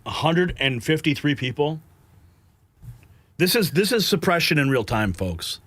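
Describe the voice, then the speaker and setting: A man's voice: a little high, very animated, a little slow, a bit bright, no room sound. A man hosting a live political news stream, frustrated and agitated, sighing and swearing between headlines. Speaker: livestream news host.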